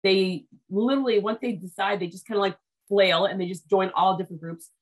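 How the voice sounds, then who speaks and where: An eager woman host chats over a video call, keen and talkative. She runs on in long stretches and restarts her sentences in a hurry as ideas come. Her pitch sits in an everyday middle range. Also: fairly even intonation. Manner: enthusiastic, talks at length with quick restarts. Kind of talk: casual interview chat.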